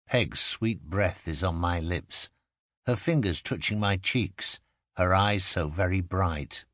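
Male audiobook narrator, low voice, measured first-person telling, dry booth. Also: no echo. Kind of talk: scripted narration.

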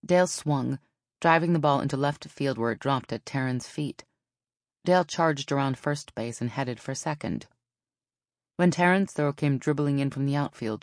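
A woman narrating a novel in an even storytelling manner. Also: rumbling low, no echo, studio quality. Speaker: audiobook narrator. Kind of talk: scripted narration.

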